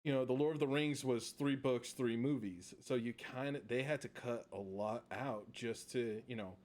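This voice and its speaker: A man from the United States co-hosting a podcast in casual chat. He jokes and teases readily, with ordinary pitch. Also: normal speed, a little mellow. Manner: teasing, joking. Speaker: podcast co-host.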